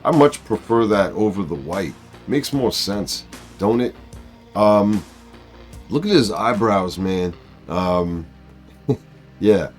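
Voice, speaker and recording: A man hosting a casual comic book review, talking in a halting way with many fillers. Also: lowish voice, animated, soft background music. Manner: halting, full of uh and um. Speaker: comic book video host.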